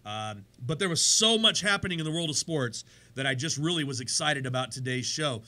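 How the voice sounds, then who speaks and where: A man hosting a sports radio show in a studio, chatty and energetic, his voice worn from days of talking. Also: a little high, brisk. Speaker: radio show host and pastor. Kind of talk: casual sports radio chat.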